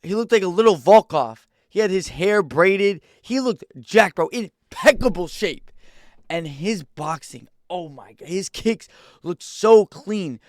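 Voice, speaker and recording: A young man giving a casual, excitable fight reaction, rambling in slang. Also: high-pitched, measured pace, no room sound. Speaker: MMA reaction YouTuber.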